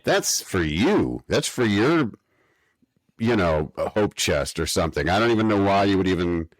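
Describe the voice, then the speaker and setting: A man with a very low voice, recorded dry and close. He co-hosts a podcast in casual chat, given to wry, mock-academic rants. His tone stays easygoing and conversational. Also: very animated, moderate pace, dry recording. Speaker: podcast co-host. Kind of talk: casual chat recapping an episode.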